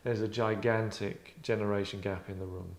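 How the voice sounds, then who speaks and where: Man with a low, wry voice. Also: steady tone, moderate pace. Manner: chatty, wry, fond of doing voices. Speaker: host. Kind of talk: casual discussion. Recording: roomy echo.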